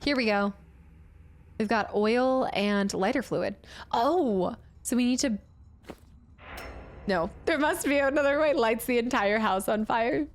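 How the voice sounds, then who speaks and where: A woman's voice: a little high, unhurried, long pauses. A woman streaming a game live and chatting casually as she thinks aloud through puzzles. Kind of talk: live gameplay commentary.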